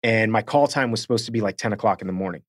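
A man with a Northeast US accent, an actor co-hosting a casual chat and telling animated stories from set. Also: on the low side, racing, no echo, clean studio sound. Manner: animated storyteller, slips into quoted voices. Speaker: podcast co-host, actor.

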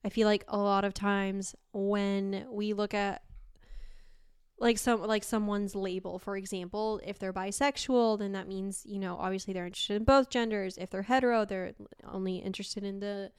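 A young woman from Argentina in casual podcast chat, chatty and quick to laugh. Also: medium pitch, clean tone, no echo, studio quality. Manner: laughs often, chatty and animated.

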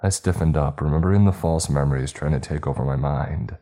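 A man narrates a first-person story in a measured, steady manner. His voice is extremely low and mellow. Faint music runs under the reading.

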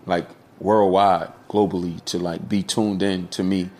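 A man's voice: low-pitched, level tone, unhurried, a little mellow. A middle-aged man, a podcast guest, talking candidly and casually with slang, swearing now and then. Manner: candid, storytelling, peppered with slang and cussing.

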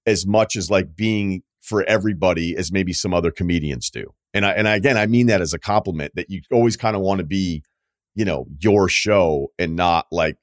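A man's voice: sits low, a little fast, no echo, studio quality. A man hosting a podcast, asking long rambling questions in casual, profane chat. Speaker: podcast host.

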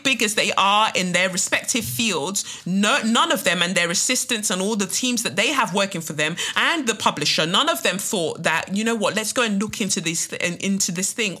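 A woman's voice: lowish voice, sharp tone. A woman hosting a podcast, delivering a fiery, emphatic and profane monologue, repeating points for stress. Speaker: podcast host. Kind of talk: impassioned monologue.

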